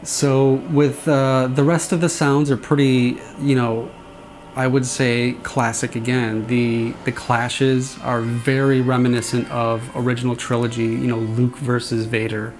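A man's voice: medium pitch, level tone, a little slow, darkish tone, faint music behind. A man casually explaining how he designed a sound, rambling a little and imitating swing noises with his voice. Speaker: saber sound font designer. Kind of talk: casual explanatory demo talk.

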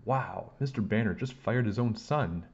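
A man voicing a curious young girl detective who speaks quietly. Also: lowish voice, normal speed, slightly rough, lo-fi sound. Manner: quiet, observant.

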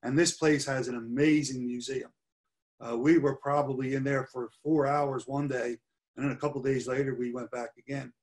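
A man's voice: medium pitch, fairly even intonation, normal speed, a little mellow. A middle-aged man giving a history lecture over slides, earnest and stressing key points by repeating them. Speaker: history presenter.

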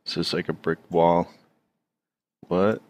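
A man's voice: sits low, flat delivery, a little mellow, dry recording. A man giving casual, rambling commentary while he draws, swearing freely and trailing off into fillers. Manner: rambling, profane, halting with many fillers. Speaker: streamer drawing on stream.

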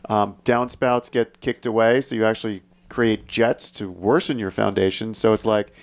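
A man's voice: lowish voice, fairly even intonation, moderate pace. Matter-of-fact male home inspector. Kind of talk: casual radio talk.

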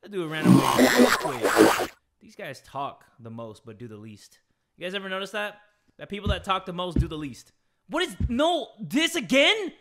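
A young man doing let's-play commentary, excitable and jokey, shouting when scared. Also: sits high, normal speed, gravelly, slight background noise. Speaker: gaming YouTuber. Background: game music.

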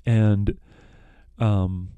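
Mellow-voiced young man rambling through a plot. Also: on the low side, level tone, drawn-out words, clean tone, dry recording, highs cut off. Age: young adult. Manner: rambling, with many fillers and self-corrections. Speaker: podcast host. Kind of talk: casual plot retelling.

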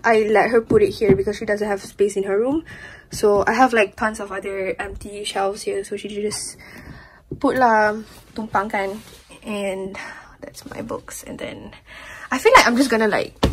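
A woman's voice: mid-range voice, steady tone, normal speed, slight background noise, low-quality recording. A young woman with a Malaysian English accent, chatting casually in a vlog at home, bubbly and a little out of breath, slipping in Malay words. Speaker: vlogger.

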